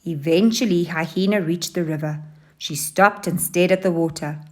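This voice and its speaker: A woman teacher reading a children's story aloud, with expressive and animated delivery. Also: on the low side, normal speed. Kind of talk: storybook narration.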